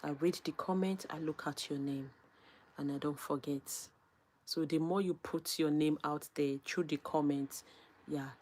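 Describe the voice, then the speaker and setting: A woman hosting her own livestream, reading viewer comments and giving shout-outs in a soft, unhurried way that sometimes drops almost to a whisper. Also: low voice, breathy edge. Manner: reads viewer names, gives shout-outs.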